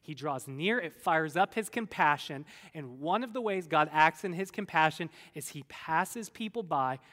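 A man preaching a sermon, retelling Bible stories in a lively, conversational way and briefly acting out the people in them. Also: fairly high pitch, moderate pace, in a large hall. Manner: animated storyteller, acts out voices of biblical figures. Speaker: pastor.

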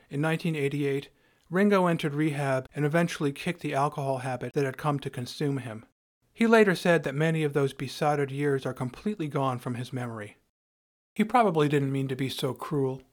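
A man's voice: a little high, brisk. A man hosting a podcast, narrating a scripted story in a wry, dryly humorous way. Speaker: podcast host.

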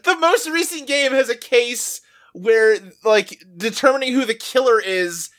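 A woman's voice: a little high, measured pace, fairly bright tone. A woman co-hosting a podcast, telling things in a playful casual chat. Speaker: podcast co-host.

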